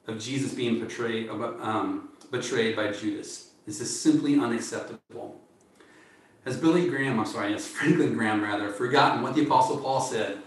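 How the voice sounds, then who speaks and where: A man preaching a sermon in an earnest, measured way, often appealing to his listeners as friends. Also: medium pitch. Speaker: pastor. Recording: echoey room, distant mic.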